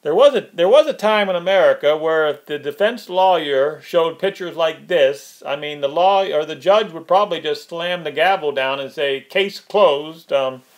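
A man with a somewhat high-pitched voice delivers a sarcastic political rant straight to the camera. His talk is mocking and loose, and he often speeds up as he gets worked up. He laughs at his own jabs. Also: normal speed, few pauses. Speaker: political commentary vlogger. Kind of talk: ranting political commentary.

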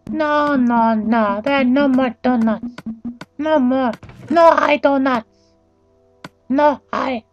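A shrill, flustered woman put on by a man insists over and over, slow and high-pitched. The sound is dull and lo-fi, with faint game music underneath. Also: heavily acted. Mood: protesting. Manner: slow, high, repetitive protests.

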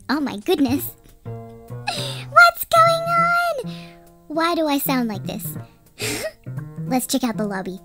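Squeaky, giddy shrunken avatar girl, very high and bouncy, soft game music underneath. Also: exaggerated voice. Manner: giggly, squealing, exclaiming. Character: shrunken tiny woman avatar, giddy and excitable. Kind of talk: game voice-over.

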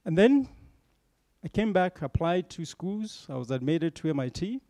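A middle-aged bank executive delivers an inspiring, story-based talk to young leaders, frequently dropping in tag questions. His slightly high, mellow voice is very animated at a moderate pace, captured in clean studio sound with no room noise.

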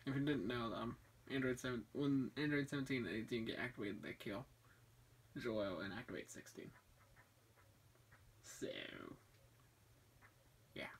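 A man's voice: medium pitch, a little slow, pauses often, a little hiss or hum. A man giving let's play commentary, wry and self-deprecating, often exclaiming at the game. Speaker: gamer.

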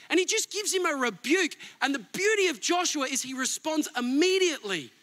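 A middle-aged pastor preaching a sermon with emphatic swings between near-shouts and soft asides. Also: male voice, very high-pitched, animated, fairly quick, few pauses.

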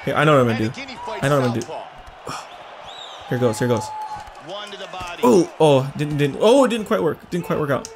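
A man playing a fight game, reacting excitedly, yelping, laughing and trash-talking his opponent. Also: medium pitch, normal speed, long pauses. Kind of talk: excited let's-play reactions. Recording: game arena crowd noise behind. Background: video game crowd noise.

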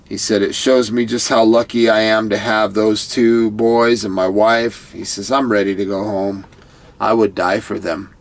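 A man casually recapping a reality survival episode, retelling scenes and quoting the people in it. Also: fairly low pitch. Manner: retells scenes, quoting participants, repeats "crazy". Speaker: YouTube reviewer.

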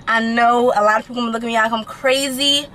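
A young woman vlogging from her car, chatting to her viewers in an animated, slangy way and swearing casually. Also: a little high, poor audio. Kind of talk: casual chat to camera.

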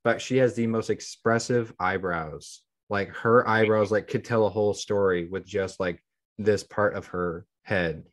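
A man chatting loosely as a podcast co-host, his voice sitting a little low. He rambles, fills his talk with "like" and keeps restarting sentences as he works out his point. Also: steady tone, a little slow. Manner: rambling, heavy use of "like". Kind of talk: casual podcast chat.

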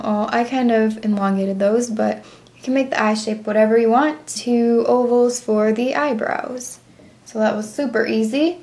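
A young woman with a slightly high voice walks through a drawing step by step. She keeps up a chatty, self-commenting voice-over and paces her words to her pen. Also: darkish tone. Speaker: drawing tutorial host.

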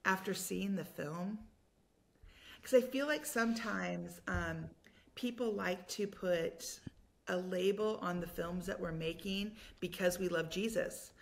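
A woman guest on a faith-based podcast, telling stories in an animated, effusive way. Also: lowish voice, slow pace, vocal fry, a little hiss or hum. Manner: animated storyteller, effusive and enthusiastic. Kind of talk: casual chat.

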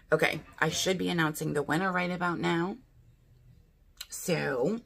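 A woman's voice: low-pitched, a little slow, creaky. A woman chatting casually through a beauty box unboxing, thinking aloud and asking her viewers what she should do. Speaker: beauty vlogger.

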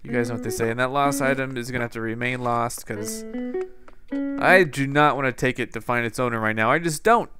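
A man's voice: medium pitch, fairly quick. Playful man commenting on gameplay. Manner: playful, jokey, self-mocking asides. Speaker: gaming channel host. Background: faint game music.

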